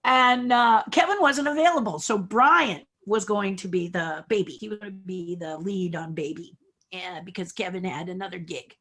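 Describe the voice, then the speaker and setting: Brief: woman guest, crisp bright tone, animated anecdotes with acted-out bits. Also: medium pitch, normal speed. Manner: animated, acts out quotes, laughs often. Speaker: guest puppeteer and designer. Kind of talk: casual storytelling interview.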